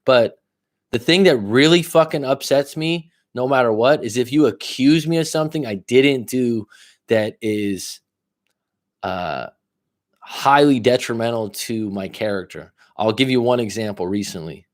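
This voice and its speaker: A man giving live coaching advice, blunt and full of profanity. He leans hard on key words, then drops into low asides. His voice sits at an everyday middle pitch. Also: unhurried. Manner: blunt and profane, talking straight to a viewer; lively swings between loud emphasis and low asides. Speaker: life coach. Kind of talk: casual livestream coaching advice.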